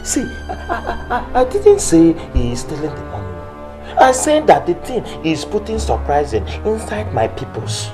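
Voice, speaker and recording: A woman's voice: sits low, huge pitch swings, normal speed, over music. A woman plays a shop owner who speaks broken English and stammers as she pleads. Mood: pleading. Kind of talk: film drama acting. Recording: film audio with loud score.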